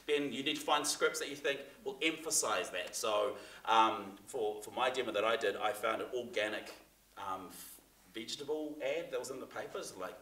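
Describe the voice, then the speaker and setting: With a low-ish, bright and forceful voice at a moderate pace, a male seminar presenter talks casually to a class, stumbling through fillers and restarts. The setting is a theatre room, echoey and miked from a distance.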